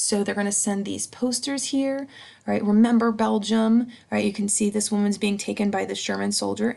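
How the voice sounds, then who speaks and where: A woman's voice: medium pitch, creaky, a little mellow. A woman teacher giving a recorded history lesson, chatty and casual, checking in with a "right?" after each point. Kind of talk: recorded slideshow lecture.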